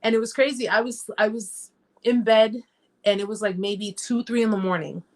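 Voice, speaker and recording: A woman's voice: mid-range voice, steady tone, moderate pace, darkish tone. Emphatic woman hosting a live chat. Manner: emphatic, repeats phrases, talks straight to viewers; reads viewer comments aloud. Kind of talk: casual live-stream chat.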